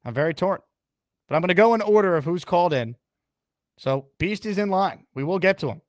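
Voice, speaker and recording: A man hosting a live stream with a voice a bit higher than most, recorded dry and close. He speaks upbeat and direct, reading out viewer comments and bringing in callers. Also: lively intonation, brisk, no echo. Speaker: host.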